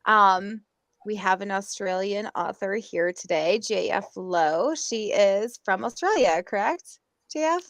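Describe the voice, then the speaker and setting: A woman's voice: medium pitch, expressive, a little slow, no room sound. A woman co-hosting a podcast, chatting casually and rambling with restarts. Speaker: podcast co-host. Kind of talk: casual chat.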